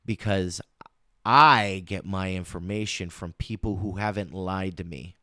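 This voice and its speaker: A man's voice: deep voice, a little slow, pushed and bright, no room sound, clean studio sound. A man hosting a casual political commentary show, rambling and emphatic, often restarting and repeating his words.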